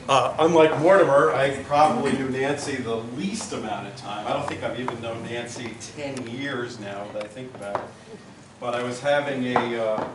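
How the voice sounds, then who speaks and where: A man's voice: medium pitch, background noise. Emotional man telling stories, far off. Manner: emotional, rambling storyteller. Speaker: memorial speaker. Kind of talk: personal memorial speech. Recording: roomy hall, far from mic.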